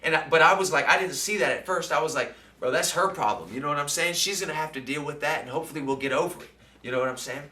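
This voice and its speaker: A vlogger talks casually into the camera about his day in a reflective monologue, using lots of fillers and tag questions like "right?" His fairly high voice races along, pushed and bright, with roomy sound from a distant mic.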